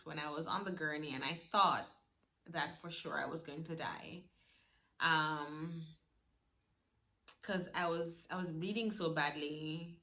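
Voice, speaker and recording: A young woman, emotionally retelling a personal story in a vlog. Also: sits low. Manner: animated, emotional retelling with laughs. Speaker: vlogger.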